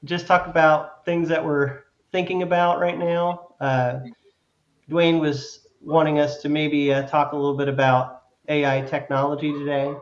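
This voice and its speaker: A man's voice: fairly high pitch, flat delivery, unhurried, dull audio. A man hosting a casual chat who jokes around in an easygoing way. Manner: joking, easygoing. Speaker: host.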